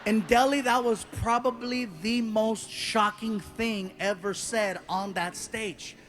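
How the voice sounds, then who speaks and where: A man in his forties telling a stand-up story on stage, animated and bursting into loud voices for the punchlines. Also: high voice, slow pace, soft background music. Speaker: stand-up comedian. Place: stage before a large audience.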